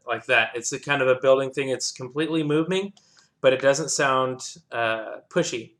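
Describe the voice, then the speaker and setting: A man's voice: mid-range voice, moderate pace. A man explaining how he arranged an orchestral piece, casually scatting the instrument parts aloud to show how they move. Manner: hums and scats parts aloud, relaxed and self-deprecating. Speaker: composer teaching orchestration. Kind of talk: casual walkthrough lesson. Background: orchestral playback music.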